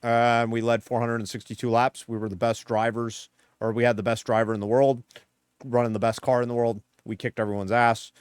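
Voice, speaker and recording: Man impersonating a bragging male crew chief, nasal, loud report, mid pitch. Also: level tone, a little fast, clear, resonant tone, no room sound, studio quality, lightly acted. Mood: boastful. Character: boastful, confident male racing crew chief.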